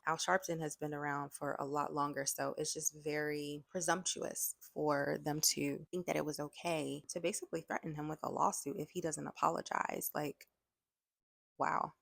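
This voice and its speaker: A woman's voice: low voice, gravelly, no echo. A woman giving frank, exasperated casual commentary in a vlog, with many filler words. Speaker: online commentator.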